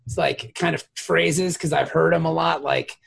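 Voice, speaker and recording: Gravelly man in casual podcast banter. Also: on the high side, steady tone, normal speed, fairly bright tone. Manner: jokey, slips into mock Canadian accent. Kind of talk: casual chat.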